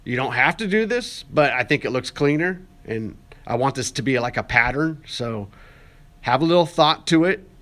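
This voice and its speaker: Young man giving a relaxed pottery how-to. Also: mid-range voice, moderate pace. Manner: relaxed, chatty, jokey asides, many fillers. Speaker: art student. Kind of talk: casual how-to voice-over. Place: classroom.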